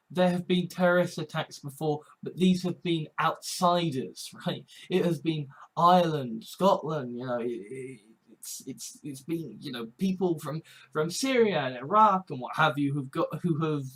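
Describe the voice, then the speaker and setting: A man from Britain, talking earnestly in a halting personal monologue, repeating words and swearing often. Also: a little high, fairly bright tone, breathy edge, poor audio. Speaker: vlogger. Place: home.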